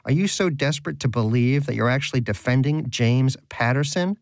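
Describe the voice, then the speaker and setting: A man's voice: mid-range voice, very animated, unhurried, no room sound. A man voicing a brash, sarcastic and greedy male pet rodent who mocks and rants theatrically. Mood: indignant rant. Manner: mocking, theatrical, indignant.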